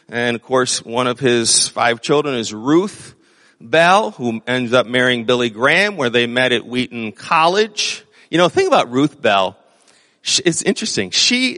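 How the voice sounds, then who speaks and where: Middle-aged guy preaching, chatty then emphatic, bright voice, echoey church hall. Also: a little high. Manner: conversational, rising to emphatic exhortation. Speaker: pastor. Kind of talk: sermon.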